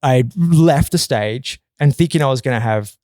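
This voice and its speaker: A man telling a long, animated story in a casual podcast chat, often swearing and acting out quotes in a loud, high voice. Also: moderate pace, dry recording. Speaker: podcast guest.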